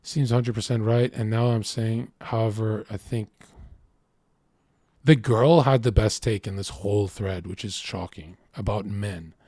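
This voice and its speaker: A man's voice: lowish voice, steady tone, a little slow, warm tone, no echo, clean studio sound. Brash, profane man streaming. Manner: rambling, acts out dialogue. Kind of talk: livestream reaction, reading chat aloud.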